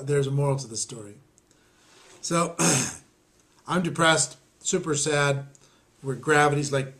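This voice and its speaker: A man teaching network marketing through a personal story, rambling and self-deprecating, with many fillers and restarts, clearing his throat often. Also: medium pitch, a bit bright. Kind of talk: storytelling lesson.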